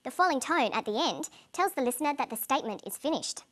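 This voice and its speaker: Clear-voiced woman teaching English. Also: high-pitched, animated, quick pace, a bit bright. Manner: clear, explanatory. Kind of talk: scripted lesson narration.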